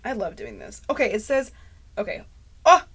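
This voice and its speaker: With a mic running close to clipping, a woman chats casually to camera as a vlogger, drifting from thought to thought and laughing at herself. She has a mid-range, slightly rough voice, talks fairly quickly, and her pitch swoops wildly.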